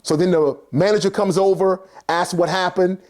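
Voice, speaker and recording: A man with a notably high-pitched voice tells a personal story in a relaxed, conversational way. He keeps it animated, slipping into the voices of the people involved and filling the gaps with casual fillers. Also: normal speed. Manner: animated, acts out characters, many fillers.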